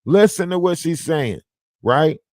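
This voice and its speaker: A man's voice: a little high, lively intonation, unhurried, no room sound, clean studio sound. A man hosting a livestream, talking casually and reading out messages, with an insistent manner and frequent "right?" tags. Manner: insistent, keeps adding "right?". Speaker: livestream host.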